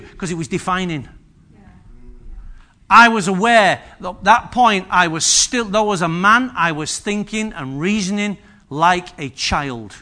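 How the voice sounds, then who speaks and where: High, bright-voiced older male preacher. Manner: lively, storytelling, asks the congregation questions. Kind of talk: sermon. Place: church.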